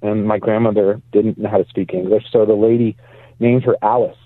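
A man's voice: on the low side, level tone, brisk, no room sound. Man telling stories over a phone line. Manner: chatty, anecdotal, laughs easily. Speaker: guest pastor. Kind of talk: casual storytelling. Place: parked car. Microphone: phone call.

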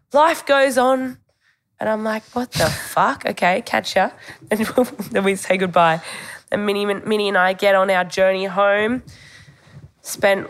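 A young Australian woman telling stories as a podcast co-host, chatty, with lots of "like" and casual swearing. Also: low-pitched. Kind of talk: casual chat.

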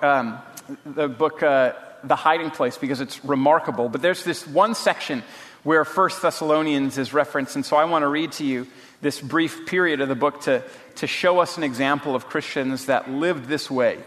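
A man preaching an earnest, measured sermon as pastor and reading a book passage aloud. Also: on the high side, fairly bright tone. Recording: long hall reverb.

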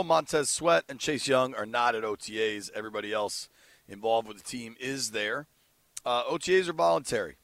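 Gravelly sports radio host, man. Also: medium pitch, no echo. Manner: loose, jokey, talks in restarts. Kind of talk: casual sports talk.

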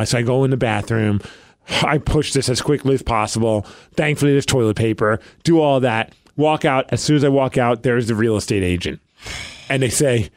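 A man's voice: medium pitch, brisk, no echo. Man, podcast co-host, eager casual talk, acts out quotes, dry close sound. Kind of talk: casual chat.

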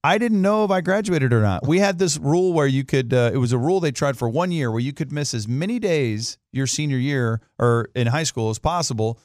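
A man in his forties, co-hosting a casual sports chat, telling a long story with lively acted-out voices. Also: mid-range voice, brisk, hardly any pauses, dry recording, clean studio sound. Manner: animated storyteller, acts out family voices. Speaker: co-host.

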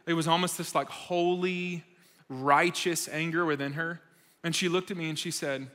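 A man's voice: fairly high pitch, fairly even intonation, moderate pace, pushed and bright. A man preaching to young adults, telling stories in a conversational, emphatic way with self-deprecating humor. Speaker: speaker at a young adults' church gathering. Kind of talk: sermon. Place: church meeting hall. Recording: reverberant hall sound.

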